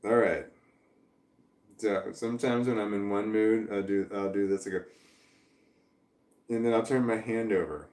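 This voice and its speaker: A man's voice: fairly low pitch, steady tone, normal speed, long pauses, darkish tone, reverberant. A man on a casual livestream, ranting heatedly and swearing, with laughs between sentences. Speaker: vlogger.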